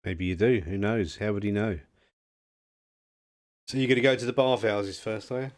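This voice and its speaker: Easygoing game master guy, lowish voice, tabletop session. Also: fairly even intonation, moderate pace.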